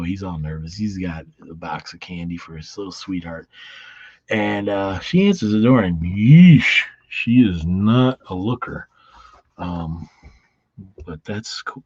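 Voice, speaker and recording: Husky, low-voiced man reviewing comics casually. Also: darkish tone, dry recording. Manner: rambling and profane, with lots of restarts. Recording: dull lo-fi sound.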